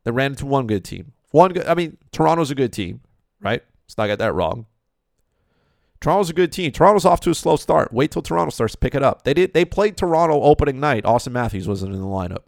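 A man's voice: medium pitch, lively intonation, fast, creaky, no room sound, clean studio sound. A man giving an opinionated hockey talk monologue, emphatic and repetitive, firing off rhetorical questions. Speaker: hockey commentator.

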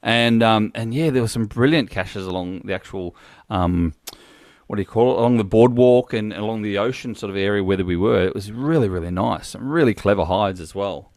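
A man's voice: lowish voice, fairly quick, darkish tone, no echo, studio quality. A man hosting a casual chat, rambling and laughing easily as he talks. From Australia. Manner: chatty, laughs often, rambling restarts. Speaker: podcast host.

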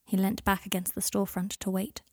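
Female storyteller, calm, breathy voice, dry close recording. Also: mid-range voice, brisk, dry recording. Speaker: audiobook reader. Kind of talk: scripted narration.

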